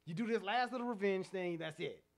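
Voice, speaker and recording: Blunt young man with a high voice. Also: fairly quick, gravelly. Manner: blunt opinions, dry jokes. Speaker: podcast co-host. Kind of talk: casual chat.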